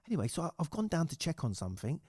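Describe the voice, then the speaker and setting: Talking very fast in a fairly high, slightly rough voice, this man hosts a podcast's casual chat, telling swear-laden stories and acting out the quotes with animation. The recording is dry and studio quality.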